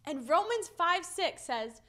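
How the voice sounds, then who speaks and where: High-voiced young woman telling kids a story. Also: slow. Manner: animated, playful storytelling to kids. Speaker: children's minister. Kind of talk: children's message.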